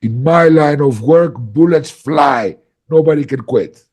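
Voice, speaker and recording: A man voicing an aggressive, menacing mafia boss who shouts and swears, quoted within a podcast story. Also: a little high, a little slow, voice pushed up. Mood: grim.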